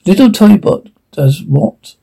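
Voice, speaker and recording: A man speaking TV drama dialogue in a weary, gruff way, with a gravelly, husky voice. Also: high-pitched, lively intonation, takes it slowly, mellow, full character voice.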